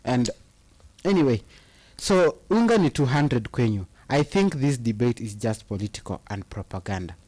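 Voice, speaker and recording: Kenyan male host, casual chat, mid-pitched voice, code-switches with Swahili, halting delivery. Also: lively intonation, a little mellow. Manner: mixes English and Swahili, halting with restarts. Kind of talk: casual chat reading viewer comments.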